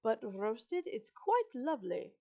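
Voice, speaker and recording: A posh witch with a rich English accent, voiced by a woman reading aloud speaks with refined, genteel calm. Prim and proper, she sounds like she savors every word. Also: on the high side, slow pace, highs cut off, heavily acted.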